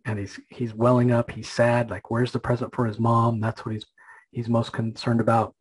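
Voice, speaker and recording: A man's voice: mid-range voice, level tone, moderate pace, slightly rough, rough recording. A man hosting a comic book podcast, casually retelling a story with many fillers and restarts.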